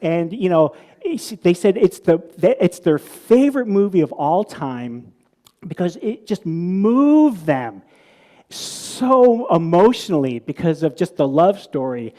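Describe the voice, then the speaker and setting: Chatty man preaching, fairly high voice. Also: slow. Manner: relaxed storytelling, repeats and restarts words, asks the audience questions. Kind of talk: conversational sermon.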